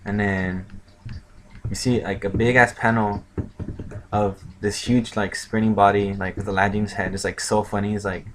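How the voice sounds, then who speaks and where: A man's voice: on the low side, little pitch movement, moderate pace, slight background noise, low-quality recording. A man casually retelling a manga chapter as a reviewer, rambling and full of filler words.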